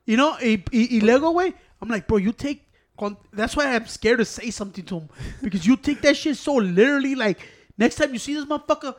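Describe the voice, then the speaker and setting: A man tells stories among friends at a quick clip. His voice sits very high and leaps around as he swears and switches between English and Spanish. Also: expressive. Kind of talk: casual chat.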